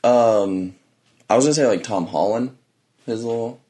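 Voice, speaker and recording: A man's voice: medium pitch, moderate pace, dark tone. A young man co-hosting a podcast, chatting casually in an easygoing way with short replies. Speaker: podcast co-host. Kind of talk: casual chat.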